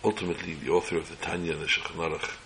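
A man telling an inspirational religious story slowly, in short measured phrases. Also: low-pitched, flat delivery, background noise.

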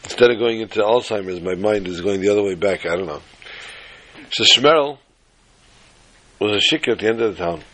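A man's voice: on the low side, brisk, pauses often, a bit bright, poor audio. A man telling a folk tale in a rambling, self-deprecating way, stumbling and repeating words. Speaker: storyteller. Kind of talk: casual spoken storytelling.

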